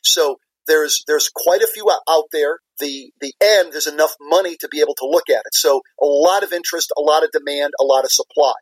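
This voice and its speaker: A man's voice: on the high side, brisk, few pauses, dry recording, low-quality recording. A man, a business leader and former CFO, answering interview questions in an earnest, explanatory way, repeating key words for emphasis.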